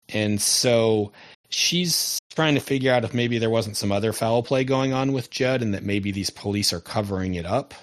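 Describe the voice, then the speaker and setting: A man casually recapping a TV episode as a podcast co-host, lively and often laughing as he tells it. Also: fairly low pitch.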